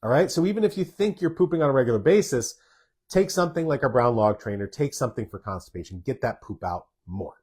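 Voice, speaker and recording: A man's voice: medium pitch, expressive, fast, darkish tone, breathy edge. A man, a doctor hosting a live stream, casually answers viewer questions and stresses points by repeating words.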